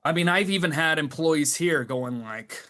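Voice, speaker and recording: With a fairly high pitch and a moderate pace, the middle-aged creature puppet maker tells stories as a podcast guest. The chat is casual, and he comes across animated and exasperated.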